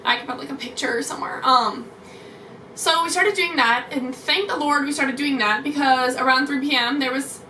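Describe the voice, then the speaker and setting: Young woman, high voice, excitable chatty storytelling, roomy echo, off-mic. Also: far from the mic, slight background noise. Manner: excitable, fast, many "like"s. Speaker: vlogger. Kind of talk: casual storytelling vlog.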